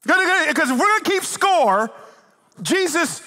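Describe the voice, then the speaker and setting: A middle-aged man preaching a sermon as pastor, telling stories with animated swings from loud to hushed. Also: very high voice, unhurried. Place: church sanctuary. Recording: long reverb of a large hall.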